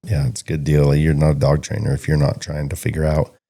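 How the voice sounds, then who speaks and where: A man's voice: very deep voice, monotone, fairly quick, dark tone. A man co-hosting a casual podcast about stockdog training, telling long rambling stories and acting out the conversations he quotes. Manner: rambling storyteller who acts out quoted conversations.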